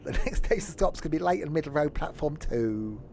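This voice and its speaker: A man voicing a cheerful male train guard who reads formal on-board announcements with deadpan jokes. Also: fairly high pitch, a little fast, gravelly, a little hiss or hum, pitched above the performer's own voice. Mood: deadpan announcing.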